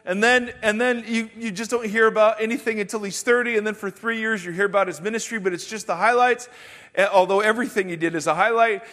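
A man's voice: high-pitched, a bit bright. A man in his thirties, a pastor preaching a sermon and dropping wry, self-deprecating jokes between Bible passages. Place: church auditorium. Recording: reverberant church hall.

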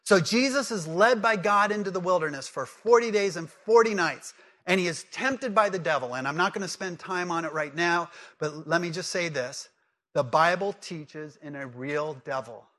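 Bright-voiced man preaching a sermon. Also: high-pitched, normal speed. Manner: conversational, asks the congregation questions; emphatic repetition. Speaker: pastor.

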